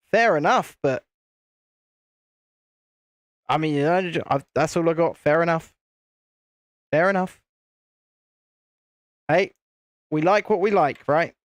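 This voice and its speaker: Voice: mid-range voice, no echo, clean studio sound. A host chatting casually on a live stream while building, rambling and repeating phrases.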